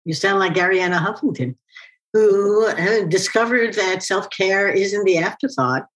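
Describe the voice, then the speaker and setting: Woman interviewer, mid pitch, long thoughtful questions, chatty. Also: a little slow, fairly bright tone, low-quality recording. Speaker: interview host and author. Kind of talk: interview conversation.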